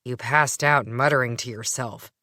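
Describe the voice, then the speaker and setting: A grumpy male household creature who mumbles and grumbles, as a woman narrator puts him on. The voice is pushed a touch louder than her narration. The sound is dry and close. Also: very deep voice, fairly even intonation, moderate pace, dry recording, voice pushed down.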